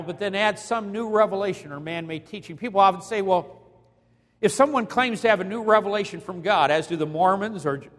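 A man's voice: sits high, long reverb tail. A man preaching a sermon, telling a story dramatically and acting out the quotes with emphasis. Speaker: evangelist preacher.

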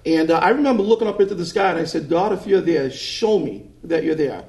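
A man's voice: a little high, expressive, fast, darkish tone. A middle-aged man with a Boston accent, telling his story as a guest in an earnest, emphatic way. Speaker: ministry founder, guest. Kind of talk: interview testimony.

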